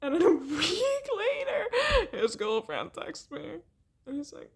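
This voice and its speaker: Young woman w a high voice, chatty storytime vlog, laughs a lot, swears, all over the place. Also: a little slow, gravelly, a little hiss or hum. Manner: rambling, animated, laughing often, swearing.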